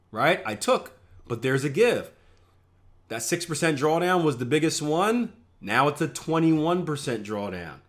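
A man's voice: fairly high pitch, very animated, measured pace. A man who is a professional trader, walking viewers through trading results in a casual, conversational lesson. He repeats words, tosses in "right?" constantly, and makes playful boastful asides. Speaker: trading instructor. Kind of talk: screen-share trading lesson.

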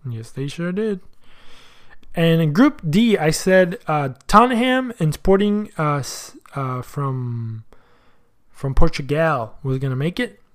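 A man's voice: fairly high pitch, lively intonation, slow pace. A man hosting a soccer podcast in casual chat, slangy and thinking aloud as he goes. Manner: chatty, thinks aloud, asks himself questions.

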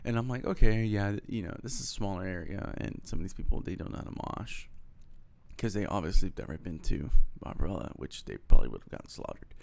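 A young man from Houston tells a loose, profane story in a casual monologue and acts out the voices of everyone in it. His voice sits a little low and has a gravelly, fry-laden texture. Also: fast talker. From Houston, Texas. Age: young adult. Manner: rambling, profane, animated retelling with quoted dialogue.

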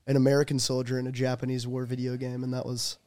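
A man's voice: medium pitch, monotone, quick pace, no room sound. A young man chatting casually as a guest, telling self-mocking stories and laughing often. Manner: self-deprecating, laughing storyteller. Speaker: guest, former actor. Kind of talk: casual podcast chat. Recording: loud music behind the voice. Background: loud music.

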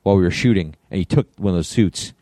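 A middle-aged man co-hosting a podcast, telling lively anecdotes and acting out the voices of people he quotes. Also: low voice, quick pace, dry recording, clean studio sound. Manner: animated anecdotes, acts out quoted voices, laughs often. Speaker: podcast co-host. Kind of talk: casual storytelling chat.

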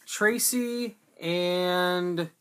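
Casual podcast co-host, mid-pitched, rambling and animated in movie recaps. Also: very slow, smooth. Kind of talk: casual movie review chat.

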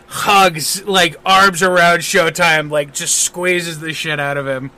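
A man running a tabletop game and narrating in a loose, casual way. His voice sits high and sounds very bright and sharp. A faint hiss runs under it. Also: steady tone. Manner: loose and quick, with lots of fillers. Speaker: game master.

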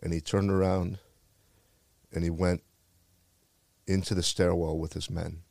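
He's a retired firefighter from the Bronx, telling a personal story earnestly and with heart, leaning on repeated phrases. His low, darkish voice has vocal fry, a level tone and an unhurried pace, in a dry recording.

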